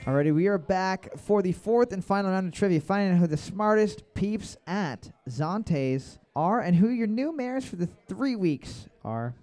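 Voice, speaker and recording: A man's voice: high voice, darkish tone. A man hosting a bar trivia night, reading each question twice and joking between rounds. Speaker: trivia host.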